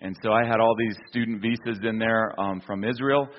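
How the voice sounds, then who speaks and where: A man's voice: fairly low pitch, fairly even intonation, brisk, dull audio. A man from the United States giving a casual illustrated talk, telling a travel story with many fillers and restarts. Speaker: speaker presenting an archaeology slideshow.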